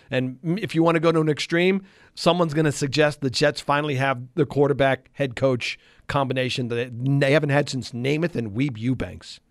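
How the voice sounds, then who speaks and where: A man hosting a sports radio show, chatting casually with animated, exasperated asides in a radio studio. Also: mid-range voice, dry recording.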